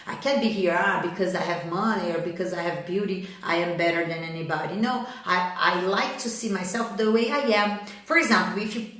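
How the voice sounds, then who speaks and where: A woman's voice: lowish voice, fairly quick, hardly any pauses, a bit bright. Brazilian woman teaching in a very echoey room. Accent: Brazilian Portuguese. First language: Portuguese. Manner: earnest, checks in with the audience often. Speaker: English teacher. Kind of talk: motivational live-stream lesson.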